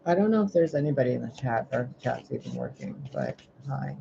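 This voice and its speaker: A man's voice: mid-range voice, huge pitch swings, fast, vocal fry. A man reading tarot and oracle cards on a livestream, musing and playful, talking to the cards, with a muffled recording and faint hiss. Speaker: tarot and oracle card reader.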